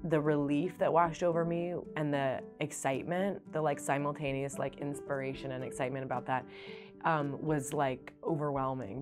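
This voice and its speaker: A middle-aged woman talks in a low voice, reflecting candidly on her work as an actress. Her speech is full of "like" and restarts, and it jumps between quiet and lively. Soft music plays faintly beneath her. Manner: earnest, animated with many fillers and restarts. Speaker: stage actress. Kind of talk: reflective interview monologue.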